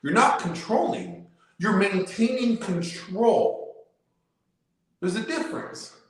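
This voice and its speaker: A man's voice: sits high, slow pace. A man in casual debate as a show guest, talking emphatically and repeating himself as he lays out his point. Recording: very echoey room.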